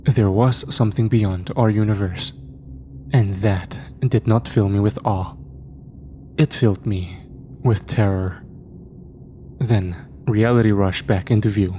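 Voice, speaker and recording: Horror narrator, male, low mellow voice, steady ominous delivery. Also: a little hiss or hum. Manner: measured, ominous. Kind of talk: scripted narration.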